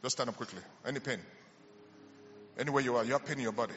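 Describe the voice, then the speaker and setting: A man's voice: medium pitch, quick pace, a little hiss or hum. A man preaching a healing sermon in a large church, fervent and calling out to the congregation. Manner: fervent, shouting call-and-response. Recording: lo-fi church hall recording with reverb.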